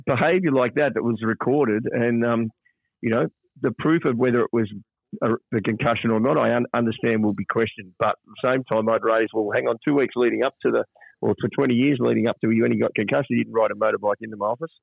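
An older Australian man talks on a podcast, worked up and lively as he tells his stories. His voice sits at an ordinary pitch. The sound is thin and phone-like, with no room echo. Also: quick pace, creaky, slightly rough. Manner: animated storyteller who acts out quoted voices. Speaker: podcast co-host, player manager. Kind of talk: casual storytelling chat. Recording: dry, phone-like narrow sound.

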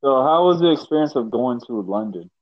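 A man hosting a podcast, chatting in a relaxed way with frequent chuckles and stumbling repeats. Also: medium pitch, a little fast, dry recording. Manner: laid-back, chuckling, repeats words. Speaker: podcast host. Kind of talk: casual chat. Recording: dull dry lo-fi mic.

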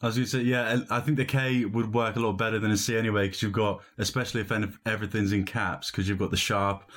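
A man's voice: fairly low pitch, level tone, fast talker, a bit bright. A man from northern England, with only a faint accent left, hosting the interview in a friendly, eager way. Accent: light northern English. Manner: friendly, eager, laughs easily. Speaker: interview host. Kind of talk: casual conversational interview.

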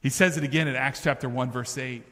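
A man's voice: medium pitch, fairly even intonation, quick pace, pushed and bright. A man preaching a sermon as pastor, talking to the congregation in an emphatic, conversational way that builds in intensity. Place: church sanctuary. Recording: reverberant church hall.

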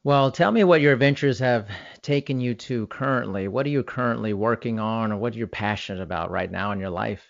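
Hosting a podcast interview, a man from the United States keeps things chatty and upbeat, though his intro phrasing is slow and deliberate. His voice is lowish and creaky, and the recording is muffled with no room sound.

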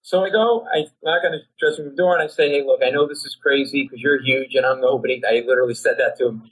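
A man, a comedian, telling a comic story on a podcast in an excitable way that keeps jumping into high, shouted asides. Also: fast talker, low-quality recording. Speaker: comedian guest.

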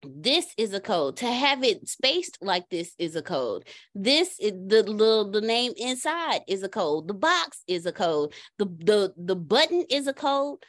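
An expressive woman co-hosts a casual talk, telling a story with lively pitch and a joking edge. Her voice sits mid-range, and the sound is dry and close. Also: measured pace, no echo.

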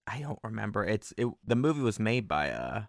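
A man chatting casually at a desk microphone as he watches a movie, tossing out joking, animated asides. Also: lowish voice, fairly quick, no echo, studio quality.

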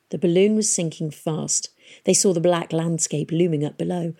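A woman narrating an audiobook in a steady storytelling manner. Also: on the low side, vocal fry, slightly rough.

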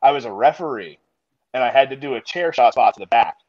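A man in casual chat, laughing as he tells animated stories. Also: mid-range voice, quick pace, dry recording, dull audio.

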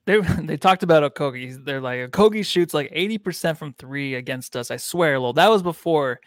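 A man's voice: fairly high pitch, animated, moderate pace, dry recording, studio quality. A man hosting a casual sports podcast, joking around and swearing freely. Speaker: podcast host.

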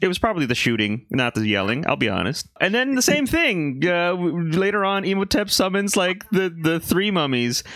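A bright, forceful male voice with a lively, bouncing pitch, recorded close and dry. He riffs casually about films, laughs often and slips into little acted-out quotes. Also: normal speed, few pauses, no room sound. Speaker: podcast co-host. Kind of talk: casual movie chat.

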